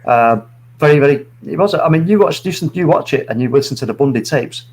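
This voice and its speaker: A man's voice: a little high, animated, a little fast, a little hiss or hum, poor audio. Rambling man, casual chat. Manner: rambling, searches for words. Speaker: host.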